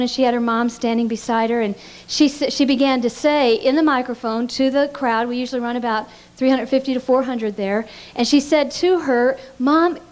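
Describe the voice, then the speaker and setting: Speaking earnestly at a pastors' conference, a woman whose voice is a little higher than most teaches through heartfelt stories. She often stammers, stumbling on repeated words as she goes.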